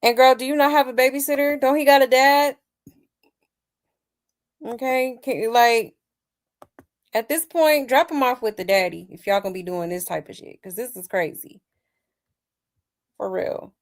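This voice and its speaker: Sassy, slightly hoarse gossip host woman. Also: high voice, steady tone, normal speed, pauses often. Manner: sassy, chatty, talks straight to her viewers. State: slightly hoarse, losing her voice. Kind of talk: casual celebrity gossip commentary.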